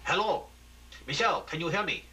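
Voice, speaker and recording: A man voicing a male newsroom reporter in an amateur radio play, flat and resigned. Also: sits high, fairly quick, voice pushed up, low-quality recording.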